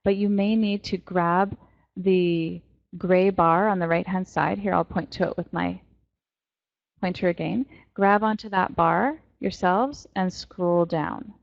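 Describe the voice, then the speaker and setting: A woman's voice: on the low side, fairly even intonation, vocal fry, no room sound. Middle-aged woman, online language teacher, encouraging drill style, muffled dry headset sound. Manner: encouraging, drills pronunciation slowly. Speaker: French teacher. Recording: dull, dry lo-fi audio.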